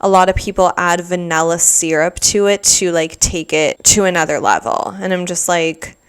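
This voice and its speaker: A young woman hosts her own podcast, chatting solo in a casual ramble full of "like" and sarcastic asides. Her voice sits on the low side, smooth, at a moderate pace.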